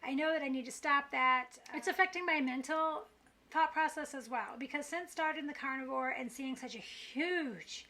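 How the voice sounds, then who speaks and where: A woman's voice: sits high, normal speed, bright, forceful tone, a little hiss or hum. A middle-aged woman talking candidly to camera in a confessional vlog, frustrated and self-critical as she rambles. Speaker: vlogger.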